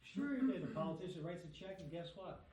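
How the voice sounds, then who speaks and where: A middle-aged or older man giving an animated talk at a society dinner, asking the audience questions. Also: high voice, fast talker, a little hiss or hum. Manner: animated, asks the room questions. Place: banquet room with audience. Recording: echoey room, speaker far from mic.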